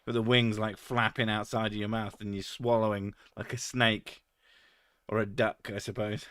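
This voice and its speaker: A man's voice: fairly low pitch, flat delivery, moderate pace, fairly bright tone, no room sound, studio quality. A man reading chat on a live stream, joking crudely, swearing a lot and laughing often.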